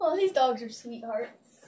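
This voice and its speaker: A woman's voice: on the high side, mellow, distant mic, a little hiss or hum. A young woman vlogging, cooing at her pet dogs in gushing baby talk with frequent laughs. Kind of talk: casual vlog, talking to pet dogs. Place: indoors in a house.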